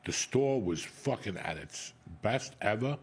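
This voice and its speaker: A man's voice: lowish voice, animated, a little slow, husky. A middle-aged man, a comedian host telling a blunt, profane story in casual chat.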